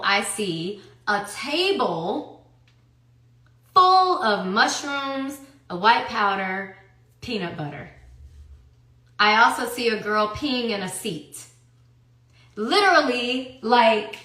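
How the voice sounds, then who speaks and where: A woman telling a personal story in a casual tell-all monologue, emphatic and profane, swinging between hushed and loud. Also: fairly high pitch, lively intonation, slow pace, pauses often, reverberant. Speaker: storyteller recounting personal events.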